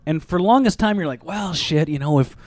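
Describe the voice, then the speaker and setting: A man's voice: fairly high pitch, expressive, fast, mellow, no room sound. A man co-hosting a casual sports podcast, rambling with fillers and laughing often. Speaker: podcast co-host.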